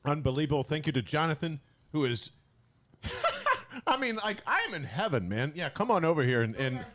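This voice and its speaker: A man hosting a podcast in a casual sports chat, animated and quick to swear. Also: a little high. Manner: animated, excitable, swears freely. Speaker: podcast host.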